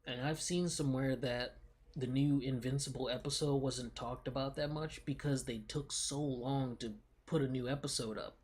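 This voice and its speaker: Young male streamer, husky voice, slangy laid-back rambling chat. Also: medium pitch, fairly even intonation, normal speed, a little mellow. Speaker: livestreamer. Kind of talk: casual livestream chat.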